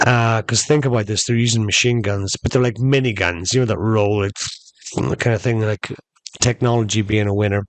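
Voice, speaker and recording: A man's voice: fairly low pitch, fairly even intonation, moderate pace, dry recording, rough recording. A man hosting a podcast, telling a long story in a rambling, chatty way and calling his listeners folks. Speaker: podcast host. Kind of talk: casual storytelling monologue.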